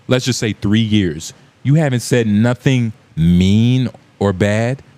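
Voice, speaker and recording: A man's voice: on the low side, slow, a little mellow. A man hosting a casual podcast, joking and riffing loosely with lots of fillers. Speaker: podcast host.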